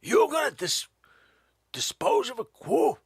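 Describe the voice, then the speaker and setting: A man doing a rambling stand-up comedy monologue, switching between hushed asides and loud silly voices. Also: very high voice, wildly swooping pitch, a little slow, gravelly, no room sound, studio quality. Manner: goofy, jumps between whispers and loud silly character voices; rambling and playful.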